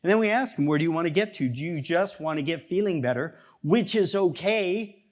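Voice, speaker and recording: A man speaking as a chiropractor at a seminar, talking to a live audience in an energetic, conversational way and acting out bits of dialogue. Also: on the high side, brisk. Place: seminar room before an audience.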